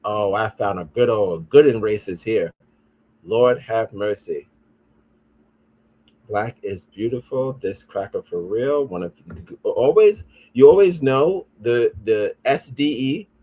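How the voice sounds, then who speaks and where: A man's voice: on the low side, darkish tone. A man hosting a podcast, riffing in a casual, profane way and reading comments aloud. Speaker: podcast host.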